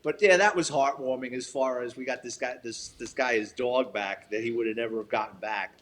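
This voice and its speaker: A man's voice: medium pitch, a little fast. Blunt New retired detective, older man. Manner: blunt, profane, animated retelling with quoted dialogue. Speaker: retired police detective, guest. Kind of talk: storytelling interview.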